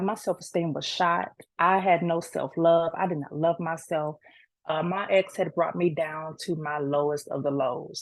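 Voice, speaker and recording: Young woman, gravelly low voice, earnest halting testimony, dry close sound. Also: dry recording. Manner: earnest, faith-filled, halting with restarts. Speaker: author sharing her story. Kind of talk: emotional personal testimony.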